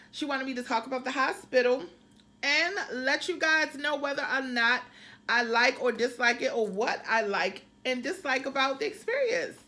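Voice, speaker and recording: A woman's voice: sits high, bright, forceful tone. A woman travel nurse chatting casually to her viewers in a vlog, calling them y'all. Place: room used for filming.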